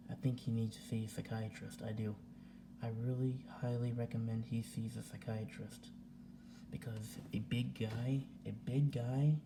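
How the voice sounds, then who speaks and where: A man's voice: mid-range voice, creaky, noisy background. A young man ranting casually to his camera at home, repeating himself and swearing as he talks. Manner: repetitive, agitated, swearing. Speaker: vlogger. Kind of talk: casual vlog rant. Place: home indoors.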